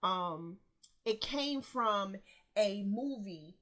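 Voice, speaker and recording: A woman's voice: medium pitch, animated, drawn-out words, a bit bright. A woman co-hosting a casual podcast chat, explaining things and acting out little scenes with quoted voices. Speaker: podcast co-host.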